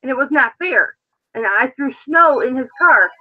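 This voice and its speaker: A woman's voice: high voice, lively intonation, moderate pace. A woman hosting a live show, telling stories in a brash, profane, casual way. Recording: dull lo-fi sound.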